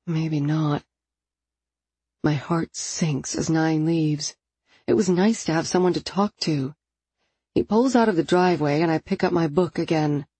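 Husky-voiced woman narrating a romance novel. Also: low-pitched, normal speed, mellow, no room sound. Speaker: audiobook narrator.

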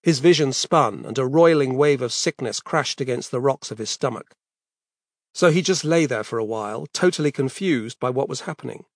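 A man narrating a scripted horror story in a steady, measured reading. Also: mid-range voice, dry recording, clean studio sound.

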